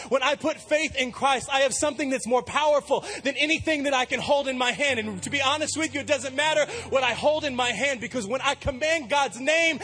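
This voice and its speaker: A man's voice: extremely high pitch, bright, forceful tone, breathy edge. A man preaching a sermon as pastor, emphatic and repetitive with many restarts.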